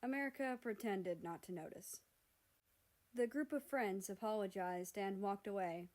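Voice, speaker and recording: A woman's voice: medium pitch, moderate pace, a little mellow. Woman reading a story aloud. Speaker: fan fiction reader. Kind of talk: storybook narration.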